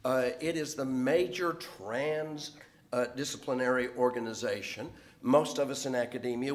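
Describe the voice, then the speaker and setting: A middle-aged man, a professor, speaking on a panel in an explanatory, lecturing way. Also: medium pitch. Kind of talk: panel talk.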